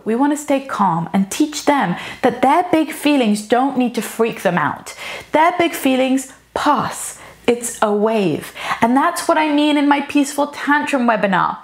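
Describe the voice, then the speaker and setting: A woman who teaches parenting, talking calmly and earnestly in a casual advice vlog, with an expressive lilt that stresses key words. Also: high-pitched, moderate pace. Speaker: parenting educator.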